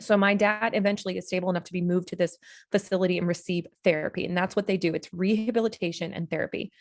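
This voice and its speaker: A woman's voice: lowish voice, fairly even intonation, fast, no room sound, clean studio sound. A woman on a podcast, telling a painful personal story in an earnest, emotional way, with many restarts. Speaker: podcast guest.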